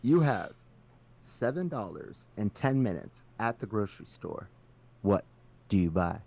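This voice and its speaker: A man's voice: lowish voice, sing-song, a little slow, gravelly, darkish tone. A man co-hosting a podcast, chiming in with short dry remarks and questions in casual chat. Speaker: podcast co-host.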